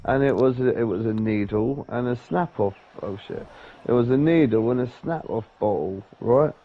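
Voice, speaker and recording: A man, telling a sweary, animated story in casual chat. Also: mid-range voice, moderate pace. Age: 30s. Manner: sweary, animated, acts out voices. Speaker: podcast co-host. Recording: dull lo-fi sound with faint noise.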